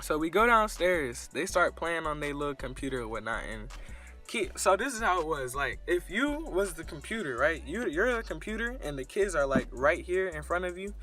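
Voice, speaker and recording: A young man telling a crude, slang-filled story in a casual, animated storytime style. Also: on the high side. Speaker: storyteller vlogger.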